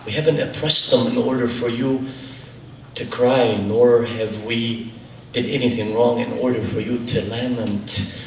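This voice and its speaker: A man's voice: medium pitch, normal speed, fairly bright tone, slight background noise. A man giving a dramatic storytelling sermon, narrating in the first person and reciting Arabic supplications with mounting intensity. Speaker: lecturer. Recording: roomy hall, distant mic, faint ambience.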